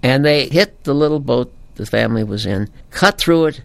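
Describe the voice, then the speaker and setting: A man, a priest, giving a homily in a folksy, animated storytelling manner. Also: mid-range voice, normal speed, gravelly.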